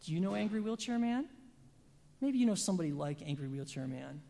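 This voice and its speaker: A preacher delivering a sermon, emphatic, with dramatic pauses and sudden drops from loud passages to near-whispers. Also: medium pitch, lively intonation, vocal fry, in a large hall.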